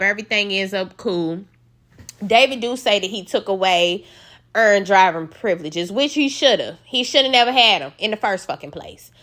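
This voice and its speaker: A woman giving a casual, profane recap of a reality show, blunt and animated, acting out the people she talks about. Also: medium pitch. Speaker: recap host.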